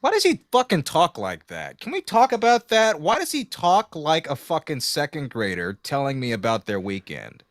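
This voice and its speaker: A man's voice: fairly high pitch, wildly swooping pitch, normal speed, hardly any pauses. A man co-hosting a casual political livestream, talking in a profane, exasperated way. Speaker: co-host.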